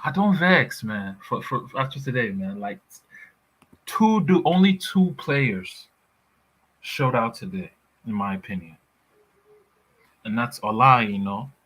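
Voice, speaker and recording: A man's voice: medium pitch, lively intonation, a little slow, long pauses, fairly bright tone, husky, low-quality recording. A man in a casual football chat, blunt and heated, swearing freely. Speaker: football pundit.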